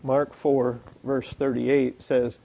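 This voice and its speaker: A man preaching a sermon, reading scripture aloud and acting out the lines of the people in the story with lively energy. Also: medium pitch, slow pace, vocal fry. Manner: animated, acts out quoted lines, reads scripture.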